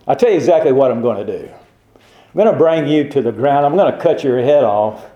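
A man's voice: medium pitch, lively intonation, brisk, roomy sound, highs cut off, lightly acted. A man voicing a young, confident shepherd warrior, speaking with earnest resolve in a sermon retelling. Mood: resolute.

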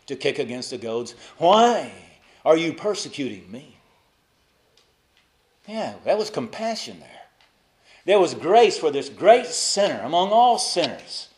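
Man preaching with dramatic swings. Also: medium pitch. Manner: preaches with dramatic swings between loud emphasis and soft asides; asks the congregation rhetorical questions. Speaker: pastor. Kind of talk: sermon.

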